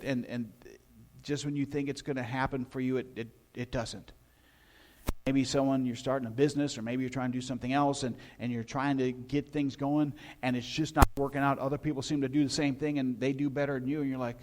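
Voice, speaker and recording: A man's voice: mid-range voice, a little fast. A male pastor giving a sermon in a conversational, folksy way, often asking the listeners questions.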